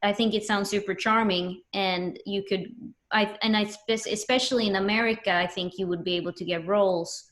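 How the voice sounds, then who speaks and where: A woman's voice: medium pitch, fairly even intonation, a little fast, a bit bright. Swedish-accented woman on a panel. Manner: thoughtful, restarts often. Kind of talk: panel discussion. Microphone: video call.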